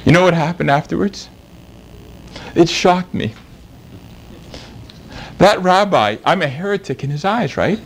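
Man, preacher, sermon, emphatic, rhetorical questions, high voice. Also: animated, unhurried, pauses often, a little hiss or hum, poor audio.

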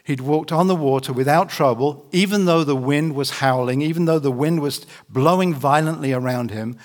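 A man preaching a sermon to camera in a conversational, earnest way, slowing down to read scripture. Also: on the high side. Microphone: camera facing speaker.

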